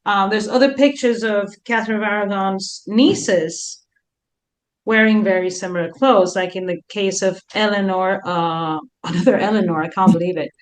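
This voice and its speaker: A woman's voice: medium pitch, fairly even intonation, normal speed. A woman co-hosting a history podcast in casual chat, telling stories and acting out historical figures in voices.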